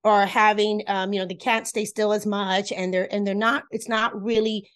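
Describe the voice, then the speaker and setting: A woman whose first language is Spanish, a relationship coach explaining ideas in an interview, lively and emphatic, repeating points and laughing often. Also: mid-range voice, moderate pace. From Cuba. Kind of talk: animated explanatory interview talk.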